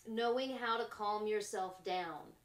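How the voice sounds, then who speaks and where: A woman hosting a spiritual talk show, musing slowly in short trailing phrases and laughing often between thoughts. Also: mid-range voice, roomy sound. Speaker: podcast host. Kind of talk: reflective spiritual monologue.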